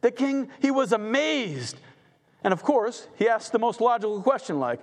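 A man's voice: very high voice, big pitch swings, normal speed. A man telling a Bible story as a preacher, dramatic and conversational, acting out the characters. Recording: long hall reverb.

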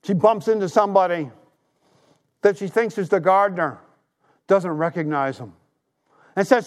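A man's voice: high-pitched, normal speed, pauses often. A man in his sixties preaching a sermon, retelling a story with emphasis and making earnest appeals. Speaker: pastor.

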